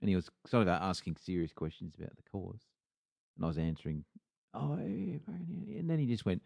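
A man's voice: low-pitched, lively intonation, fast talker, vocal fry, a little mellow, dry recording. A middle-aged Australian man co-hosting a podcast, chatting bluntly with plenty of swearing. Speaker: podcast co-host. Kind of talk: casual chat.

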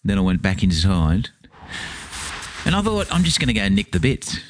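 Aussie bloke, deep-ish voice, swears a lot, lively storytelling in casual chat. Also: male voice, normal speed, slight background noise. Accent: Australian. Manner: rambling storyteller, swears, acts out quotes.

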